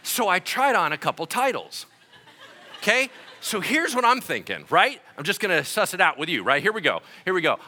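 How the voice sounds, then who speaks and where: A man's voice: a little high, fast talker, a little hiss or hum. A man preaching a sermon as pastor, telling stories and acting out the people he quotes. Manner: animated storytelling, quoting others in their voices.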